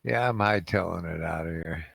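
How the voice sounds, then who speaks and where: A man's voice: low-pitched, brisk, vocal fry, a bit bright, no echo. A man playing in a tabletop game, brash and joking, swearing casually. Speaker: player. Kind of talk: casual chat.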